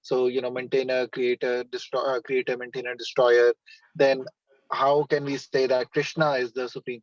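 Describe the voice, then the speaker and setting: A man's voice: medium pitch, dry recording. A man taking part in a scripture class, speaking hesitantly with many fillers. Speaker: class participant. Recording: dry, dull lo-fi audio.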